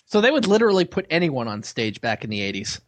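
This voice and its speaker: A man's voice: mid-range voice, big pitch swings, fast talker, no echo. A man co-hosting a podcast in casual chat, trading dry, wisecracking banter. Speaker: podcast co-host.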